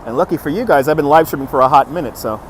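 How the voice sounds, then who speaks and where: A man with a slightly high voice hosts a live walking stream on a city waterfront street. He is upbeat, chuckles often and greets viewers one by one. It is recorded on a handheld phone, with faint traffic behind him. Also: rapid-fire. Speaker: livestream host. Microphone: phone on a handheld gimbal.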